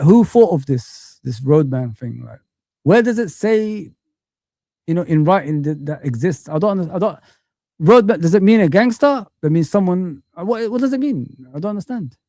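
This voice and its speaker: A man hosts a live-stream football chat. His voice is gravelly and mellow, slightly high for a man, and dry and close to the mic. He rambles in puzzled repeated questions with many fillers. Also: no room sound. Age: 40s. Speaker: host.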